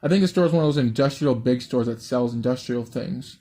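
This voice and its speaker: A man's voice: mid-range voice, fairly quick, warm tone. A man casually reading out his dream story, rambling, swearing and breaking off into asides.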